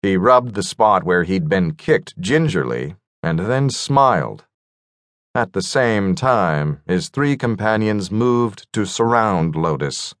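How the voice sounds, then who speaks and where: A man reading an audiobook in expressive scripted narration. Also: on the low side, takes it slowly, hardly any pauses, dry recording, studio quality.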